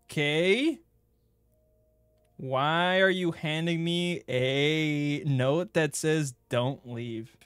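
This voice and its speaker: Young guy streaming a game, jokey and crude, yelps a lot, kinda high voice, super dry close sound. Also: slow, smooth, no room sound. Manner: excitable, joking, crude, bursts into loud yelps. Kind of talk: gaming playthrough commentary.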